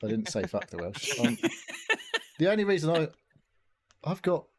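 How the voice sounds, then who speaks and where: A man's voice: a little high, sing-song, moderate pace, slight background noise. A man co-hosting a podcast, rambling through jokey, sweary casual chat. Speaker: podcast co-host.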